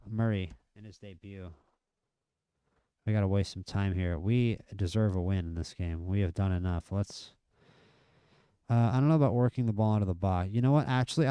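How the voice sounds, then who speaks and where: A man live-streaming a football management game, chatting through the match and getting excited at near misses and goals. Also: fairly low pitch, smooth, dry recording, clean studio sound. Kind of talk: live gameplay commentary.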